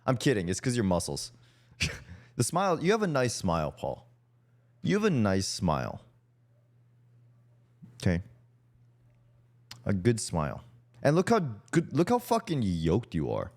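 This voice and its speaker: A man's voice: deep voice, wildly swooping pitch, unhurried, long pauses, a little mellow. Teasing, swearing young man. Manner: teasing, profane, laughing often. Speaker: streamer and podcast host. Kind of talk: casual chat, teasing a guest.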